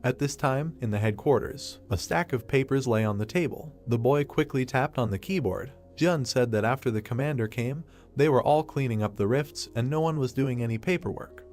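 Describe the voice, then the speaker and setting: A man narrating a story recap in a steady third-person storytelling manner. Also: medium pitch, moderate pace, faint music behind.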